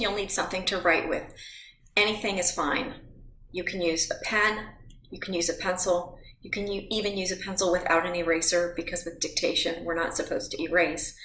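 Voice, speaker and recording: A woman teaching a phonics lesson to children at home, speaking slowly and patiently and spelling words out letter by letter. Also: fairly low pitch, bright, forceful tone, a little hiss or hum, rough recording. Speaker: reading teacher.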